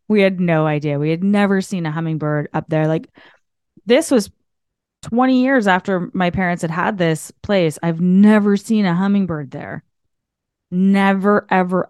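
A woman host from Canada telling a spiritual story in an animated, chatty way, full of filler words. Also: deep voice, dry recording, clean studio sound.

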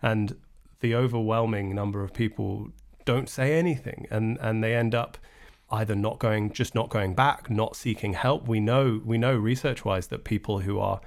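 A male interview host responding earnestly to a guest, halting with restarts. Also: lowish voice, steady tone, vocal fry. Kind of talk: interview conversation.

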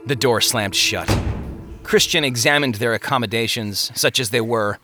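A man narrating a story in an expressive storytelling style. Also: mid-range voice, moderate pace, faint music behind. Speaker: audiobook narrator. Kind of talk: scripted narration.

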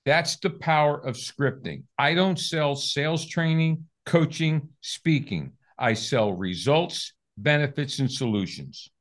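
A man's voice: on the high side, takes it slowly, hardly any pauses. An older man, a sales coach, telling a story with energy and acting out both sides of the conversation as an interview guest. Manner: lively storyteller, acts out both sides of dialogue.

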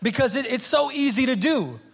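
A man's voice: extremely high pitch, animated, brisk, gravelly, fairly bright tone, husky. A man in his thirties, a pastor preaching a sermon in an earnest way, often repeating words as he restarts a phrase. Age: 30s.

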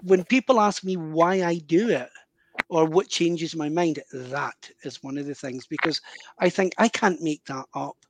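High-voiced man telling a story. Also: unhurried, a little hiss or hum. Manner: animated, vivid anecdotal storytelling with self-interruptions. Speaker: spiritual medium guest. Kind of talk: storytelling in conversation.

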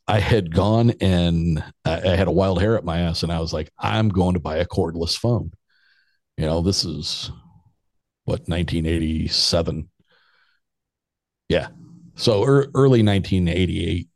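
A man in his fifties tells a long, rambling story as a podcast guest. His voice sits very low. The sound is dry and close, and he chuckles his way through the telling. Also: a little mellow, no echo. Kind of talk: casual storytelling.

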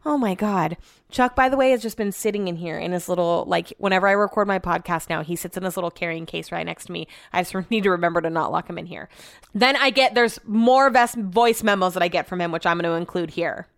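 Smooth-voiced chatty woman podcaster. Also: on the low side, quick pace, dry recording, clean studio sound. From America. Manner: chatty, exasperated, swears freely. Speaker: podcast host. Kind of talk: casual solo podcast chat. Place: small room at home.

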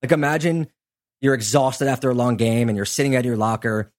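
A man in the middle of his range hosts a podcast, recounting a story in relaxed, chatty fashion. He fills his telling with asides and small tangents, keeping it loose and conversational. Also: medium pitch, a little fast. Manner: conversational, chatty, lots of "like" and "you know" asides. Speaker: podcast host. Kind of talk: casual storytelling chat.

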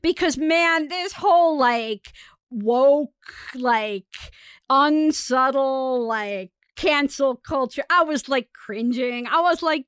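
A woman's voice: sits high, slow, smooth, dry recording, studio quality. A young adult woman co-hosting a podcast, chatting casually with frequent fillers and laughter. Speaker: podcast co-host. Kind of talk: casual chat.

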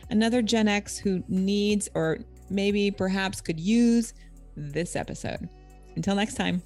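A middle-aged woman co-hosting a podcast, telling stories in a lively, chatty way and laughing often. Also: mid-range voice, a little slow, faint music behind. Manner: animated storyteller, laughs often. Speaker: podcast co-host. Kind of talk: casual chat.

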